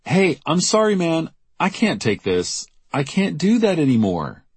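A man voicing a weary, sharp-tongued young woman running a shop, worn out and in pain, curt and exasperated in the way she speaks. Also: low-pitched, sing-song, a little slow, husky, no room sound, pitched above the performer's own voice, exaggerated voice. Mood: irritated. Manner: curt, exasperated, raising her voice.

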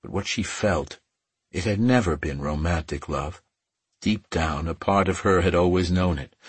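A man narrating an audiobook in a measured, softly emotive reading. His voice sits very low and sounds husky. The recording is dry and close. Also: no room sound.

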